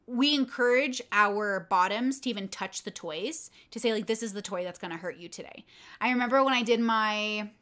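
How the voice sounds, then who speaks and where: A woman's voice: mid-range voice, moderate pace, a bit bright. A young adult woman casually telling a personal story on a livestream, candid and rambling with many fillers. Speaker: content creator and streamer.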